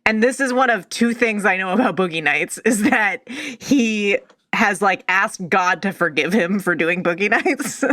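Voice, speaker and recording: A woman's voice: medium pitch, measured pace, hardly any pauses, bright, forceful tone, no room sound, studio quality. A woman comedy writer reading her own script's stage directions aloud, breaking into giggles.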